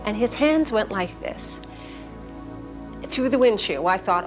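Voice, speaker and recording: A middle-aged woman shares a personal story in an interview, pausing often and restarting her sentences. Her pitch sits at an ordinary middle height. Clear music plays behind her. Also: animated, poor audio. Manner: hesitant, with many fillers and restarts.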